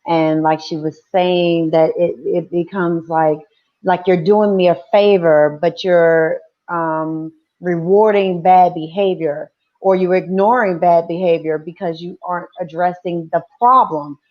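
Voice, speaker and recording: A woman in her forties on a discussion panel, telling stories in an animated way and acting out other people's lines. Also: fairly low pitch, measured pace, muffled recording. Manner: animated storytelling with quoted voices.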